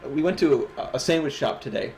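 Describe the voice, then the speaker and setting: A man's voice: fairly high pitch, a little fast, a little mellow, a little hiss or hum. A man with a Midwestern accent co-hosting an online awards stream, joking and teasing his co-host in casual chat. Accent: Midwestern American.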